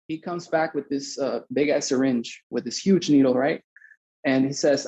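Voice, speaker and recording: Homem rouco contando história animada. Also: male voice, mid-range voice, normal speed, slightly rough, lo-fi sound. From Mexico. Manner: animated, swearing, acts out both sides of the story. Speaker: podcast guest. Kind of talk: casual storytelling.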